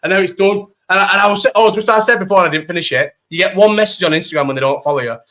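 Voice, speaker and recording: Young lad rambling to his stream chat, swears a lot, bright punchy voice, bit high. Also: very fast. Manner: animated, swears freely, talks to live chat. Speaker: live stream host. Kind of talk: casual storytelling chat.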